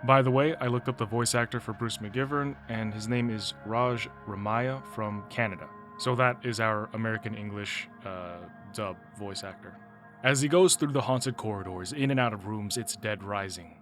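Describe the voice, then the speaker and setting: A man's voice: lowish voice, moderate pace, fairly bright tone, faint music behind. Chatty, opinionated male game recapper. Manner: chatty, opinionated, often laughing. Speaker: gaming video host. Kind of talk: casual story recap commentary.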